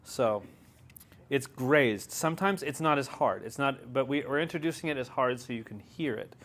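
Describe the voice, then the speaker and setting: A man's voice: mid-range voice, a little fast, a bit bright. Male teacher, casual and jokey, mid-range voice, classroom lesson. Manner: joking, chatty, laughs often. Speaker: Hebrew teacher.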